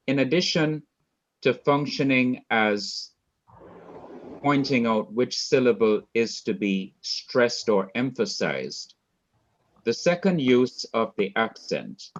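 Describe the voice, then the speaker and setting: A man teaching a Hebrew class, explaining slowly and repeating key points for his students. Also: medium pitch, muffled recording. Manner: slow, repetitive, deliberate explaining. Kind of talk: classroom lecture.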